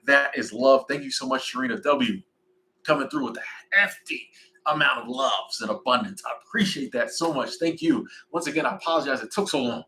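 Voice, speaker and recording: A man in his forties chatting casually on a livestream, rambling and animated. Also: mid-range voice, a little fast, rough recording. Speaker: livestream host.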